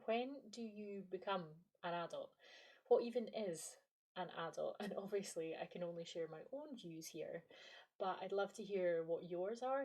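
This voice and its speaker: Scottish woman in her late 20s or 30s doing a chatty podcast monologue, low-ish voice, playful and self-mocking. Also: dark tone. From Scottish Highlands. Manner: playful, self-deprecating, conversational. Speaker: podcast host and lecturer. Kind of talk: reflective scripted monologue.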